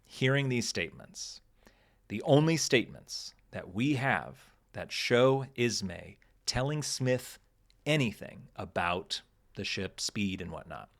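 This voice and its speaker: A man's voice: on the low side, creaky. A man hosting a podcast, talking casually and thinking aloud with frequent restarts. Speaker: podcast host. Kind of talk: casual analytical podcast talk.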